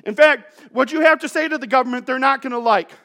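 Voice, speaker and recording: Man with a very high voice, pastor, casual joking sermon, storytelling asides. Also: fast, bright, forceful tone.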